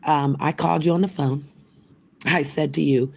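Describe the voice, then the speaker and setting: Casting: older woman streamer, raspy, gravelly, swears a lot and rambles. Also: low-pitched, steady tone, moderate pace. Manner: profane, trash-talking, loose and rambling. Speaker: livestream host. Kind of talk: ranting live stream chat.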